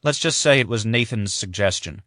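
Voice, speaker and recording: A man voicing a young widowed mother who is grieving but composed, speaking softly and with restraint. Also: lowish voice, expressive, normal speed, no echo, clean studio sound. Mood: tired.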